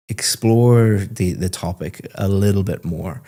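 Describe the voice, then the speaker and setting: A man acting as a speaking-test examiner, asking questions and then giving a student measured, encouraging feedback. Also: low-pitched, warm tone. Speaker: IELTS examiner and teacher. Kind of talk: exam questions and spoken feedback.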